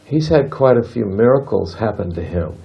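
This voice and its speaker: Deep gravelly man telling a story. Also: animated, normal speed. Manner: earnest, circling back to repeat key points. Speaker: spiritual talk leader. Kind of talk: informal storytelling at a spiritual gathering. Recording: lo-fi dull recording.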